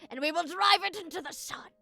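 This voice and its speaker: A woman's voice: very high-pitched, pushed and bright. A young woman streaming a game, chatting casually with her viewers and giggling often as she gushes her thanks.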